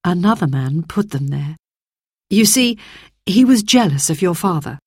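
A sorrowful, gentle mother speaks in a low, measured voice, as a woman reading a storybook voices her. There is a husky, breathy edge to her words, heard close and dry. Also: animated, dry recording, exaggerated voice. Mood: sad calm.

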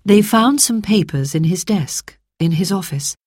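A woman reading a storybook, voicing a sorrowful mother who speaks quietly and steadily. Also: medium pitch, lively intonation, unhurried, breathy edge, no echo, clean studio sound. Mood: sad calm.

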